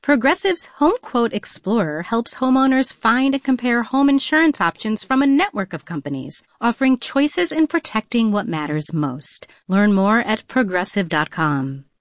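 A woman's voice: on the high side, very animated, moderate pace, hardly any pauses, no echo, studio quality. A woman reading an insurance commercial in an upbeat, polished way. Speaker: ad announcer. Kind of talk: commercial read.

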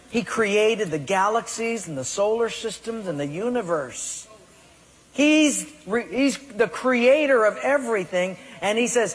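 A man's voice: high voice, a little hiss or hum. A man preaching a sermon emphatically, acting out people's excuses and God's commands in quoted voices. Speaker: pastor. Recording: long hall reverb.

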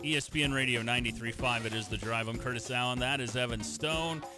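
A man's voice: medium pitch, fast, over music. A man hosting a sports radio show who teasingly ribs his co-host in casual banter. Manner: teasing, dry ribbing of co-host.

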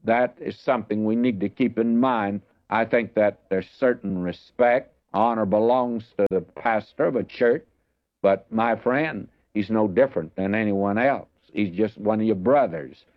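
A man's voice: fairly low pitch, unhurried, dry recording, muffled recording. A man giving an earnest, emphatic verse-by-verse Bible teaching sermon, speaking straight to his listeners. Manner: earnest, emphatic preaching that addresses listeners directly.

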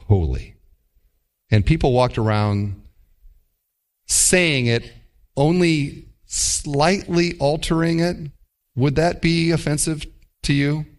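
A man's voice: fairly high pitch, lively intonation, takes it slowly, long pauses. A man preaching a sermon as pastor, with wry mimicking asides.

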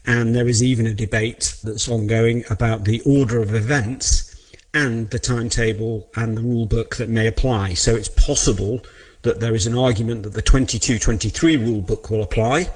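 A man's voice: medium pitch, fairly even intonation, normal speed, poor audio. A man giving a careful, analytical explanation. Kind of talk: explanatory comment.

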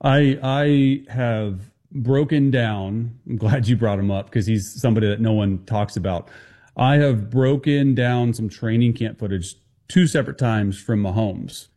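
A man appearing as a football analyst guest on a sports talk show, talking fast and confidently with quick restarts. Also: medium pitch, dark tone.

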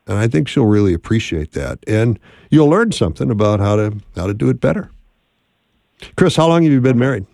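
A man's voice: medium pitch, expressive, a little fast, vocal fry, dark tone, dry recording, studio quality. A man hosting a call-in advice radio show, upbeat and encouraging, speaking plainly to callers.

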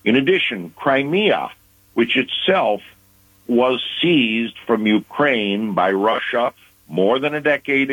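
Male guest analyst, unhurried and emphatic, dry phone-line radio sound. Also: fairly low pitch, a bit bright, no echo. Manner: measured, deliberate delivery with emphatic pauses. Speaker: foreign affairs commentator. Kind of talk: analytical news commentary.

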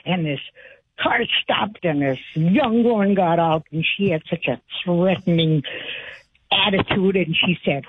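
A woman's voice: on the low side, lively intonation, a little slow, slightly rough. An older woman from Wisconsin, calling in to a talk show and telling a chatty story, acting out the quotes. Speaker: caller. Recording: phone line.

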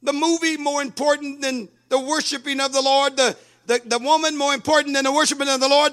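A man preaching a sermon, fervent, breaking into shouts and sing-song cadences. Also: very high voice, steady tone, fairly quick, hardly any pauses.

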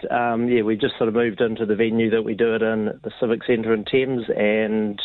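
Halting man on a muffled phone line. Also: on the low side, level tone, dry recording. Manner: halting, with many ums. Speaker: caller, drama group organizer. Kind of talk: phone interview on radio. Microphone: telephone.

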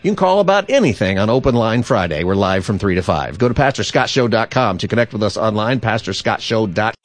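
Male radio host, call-in show, animated pitch, jokey storytelling. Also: brisk. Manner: animated, jumps high for quoted characters.

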